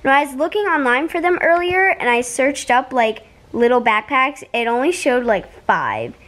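A woman's voice: high voice, sing-song, moderate pace, a bit bright. A young woman chatting casually in her vlog, bubbly and gushing, often giggling. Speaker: vlogger.

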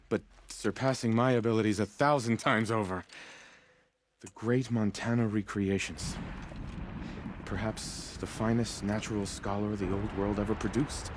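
An actor playing an earnest, scholarly tribal man who keeps a shrine, speaking with measured reverence in video game dialogue. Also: lowish voice, a little hiss or hum, close to an everyday voice. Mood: admiring. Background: game music.

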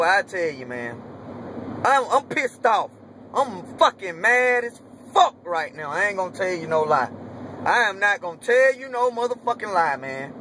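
A man's voice: sits high, sharp tone, a little hiss or hum. A young man ranting in a vlog, angry and profane, repeating himself as he vents. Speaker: vlogger.

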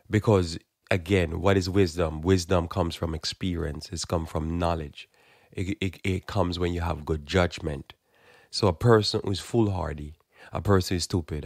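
A man preaching an informal sermon. He talks conversationally, restarts and repeats words often, and acts out quoted exchanges in a quick casual voice. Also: low voice, gravelly, darkish tone, no echo, studio quality.

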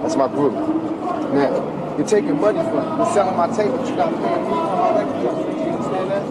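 Brash high-voiced rapper on a noisy street. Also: male voice, fairly quick, over a noisy crowd. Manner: brash, boastful, loud. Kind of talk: casual street banter and freestyle rap. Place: city street outdoors. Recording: loud traffic noise on handheld camera.

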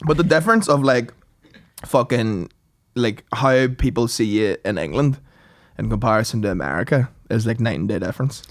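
A man's voice: mid-range voice, animated, normal speed, no echo. A young man, guesting on a podcast, telling crude stories in a casual chat and laughing often. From Northern Ireland.

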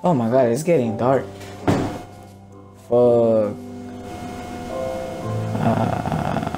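A man's voice: mid-range voice, extremely slow. A man casually commenting on his gameplay, grumbling, swearing and muttering to himself. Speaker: gamer. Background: game music.

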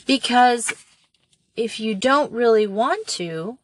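A woman reading a storybook and voicing a brisk, practical young farm woman who speaks in a matter-of-fact way. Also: fairly high pitch, expressive, voice pushed up.

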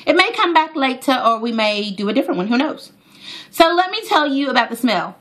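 A woman's voice: high voice, a little fast. A woman chatting to viewers while reviewing a hair product in a casual vlog. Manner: chatty, animated, talks straight to viewers.

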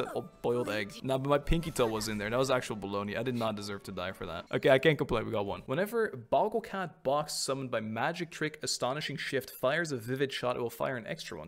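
Lively, joking male game streamer. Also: medium pitch, fast. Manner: chatty, joking, often laughing. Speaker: gaming streamer. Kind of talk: casual gameplay commentary.

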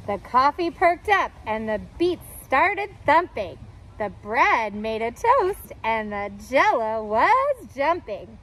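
A woman teacher reading a picture book aloud to young children, expressive and playful, putting on voices for the characters. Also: on the high side, slow, a little hiss or hum, rough recording. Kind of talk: read-aloud storytime for children.

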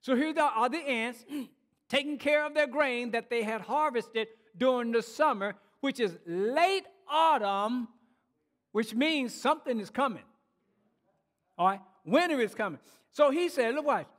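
A man's voice: very high-pitched, animated, unhurried, fairly bright tone, long reverb tail. A male pastor preaching a sermon, urging his congregation on and often restarting and repeating words as he speaks.

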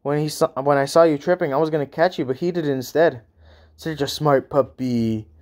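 A man puts on a bubbly teenage girl, gushing over a dog in baby talk. The pitch sits a bit higher and the voice a bit louder than his own. It sounds like a fan storybook reading. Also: brisk, close to an everyday voice. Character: bubbly round-faced teen girl.

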